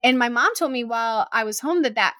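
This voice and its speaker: A woman's voice: on the high side, animated, fast talker, sharp tone, dry recording, studio quality. A young adult woman telling a personal story in casual chat, with lots of "like" fillers and acted-out quotes.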